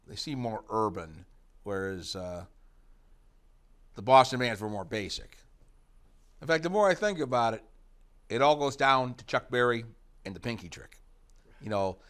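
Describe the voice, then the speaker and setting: A middle-aged man from the United States talks casually in an interview. He rambles, breaking off for fillers and asides. His voice sits at an ordinary male pitch. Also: a bit bright, clear, resonant tone. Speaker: interviewee, rock guitarist.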